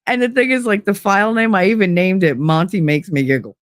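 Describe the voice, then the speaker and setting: A woman chatting loosely on her stream, drifting between stories with a giggle and plenty of swearing. Her voice sits in an ordinary middle pitch and comes across dry and close, with no room sound. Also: fairly quick, no room sound. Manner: rambling, giggly, swears freely. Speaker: live streamer. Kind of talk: casual chat stream.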